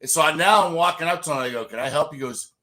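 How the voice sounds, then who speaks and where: A man co-hosting a casual podcast, telling a story in an excitable way. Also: a little high, quick pace. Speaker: podcast co-host.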